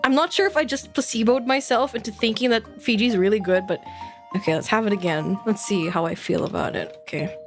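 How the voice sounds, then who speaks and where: A woman's voice: medium pitch, fairly quick. A woman streamer chatting casually and playfully with her audience, laughing often. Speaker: virtual streamer. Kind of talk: casual live-stream chat. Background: faint background music.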